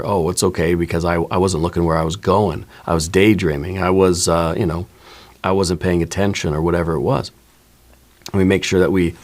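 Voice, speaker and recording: A man giving a relaxed spoken tarot reading, reflective and conversational, often adding "you know" and "right.". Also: low voice. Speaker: tarot reader.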